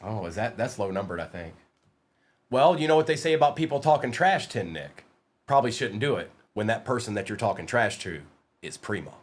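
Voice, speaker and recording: A man's voice: fairly low pitch, animated, brisk. A man hosting a live card-break stream, reading out player names as he opens packs and teasing his chat in a playful way. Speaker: livestream card break host.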